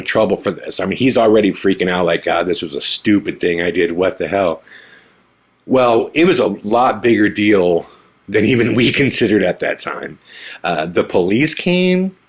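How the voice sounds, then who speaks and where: A male podcast host telling a story in a casual, animated way, often laughing and acting out what people said. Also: low voice, moderate pace. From Omaha area, USA. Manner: animated, laughs often, acts out quoted lines.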